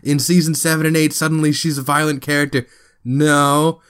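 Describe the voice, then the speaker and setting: Animated male podcast co-host. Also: moderate pace, clean tone. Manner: animated, swoops high when quoting people. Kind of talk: casual podcast chat.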